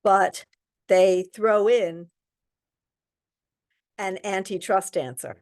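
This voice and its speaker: A woman's voice: medium pitch, steady tone, extremely slow, darkish tone. A woman instructor leading an online exam-prep lesson, reading out test questions and explaining the answers with frequent ums. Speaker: real estate exam instructor.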